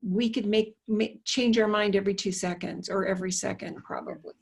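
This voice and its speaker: A woman's voice: medium pitch, steady tone, fairly quick, gravelly, slightly rough. Chatty woman hosting a casual talk. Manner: chatty, warm asides to listeners, musing. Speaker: host. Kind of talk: casual conversation.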